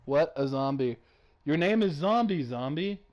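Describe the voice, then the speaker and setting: A young man hosting a casual gaming podcast, excitable, swearing freely and laughing often. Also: fairly high pitch, unhurried. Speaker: podcast host.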